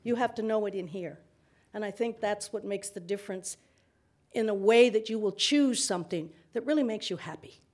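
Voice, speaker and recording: A woman in her sixties, a panel guest at a public forum, telling her story in an animated way with laughs between remarks. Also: medium pitch, moderate pace. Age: 60s. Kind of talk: conversational storytelling at a live forum.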